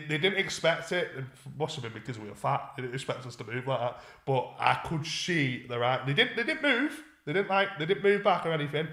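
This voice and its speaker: A man's voice: mid-range voice, fairly bright tone. A young man, co-hosting a podcast and telling a story in casual chat, swearing and restarting often. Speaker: podcast co-host. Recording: echoey room.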